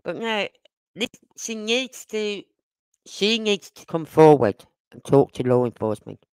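Very animated yet measured in pace, a Birmingham-born older woman hosts a casual livestream in a medium-pitched, darkish Brummie voice. She speaks plainly and wanders from topic to topic. Her audio is smooth and clear, dry and close, without any room sound.

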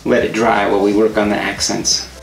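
A man's voice: on the low side, level tone, fairly quick, vocal fry. A man co-hosting a crafting video, talking playfully with goofy jokes and asides. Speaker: co-host of a crafting channel. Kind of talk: casual crafting chat. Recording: echoey room with music behind.

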